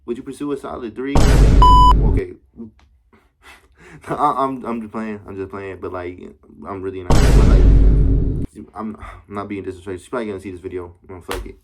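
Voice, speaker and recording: A man's voice: lowish voice, fairly even intonation, a little fast, heavy background noise. A young man telling a casual story time to camera, rambling and slangy with frequent swearing and constant check-ins with his listeners. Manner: slangy, rambling, profane, keeps asking "you know what I'm saying". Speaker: vlogger.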